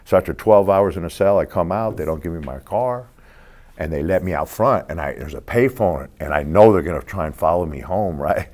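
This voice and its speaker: A man's voice: sits low, fairly quick, darkish tone. A man in his sixties telling stories in a casual interview, streetwise and profane, acting out other people's lines. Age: 60s. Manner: acts out other people's lines in quoted voices. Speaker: interview guest.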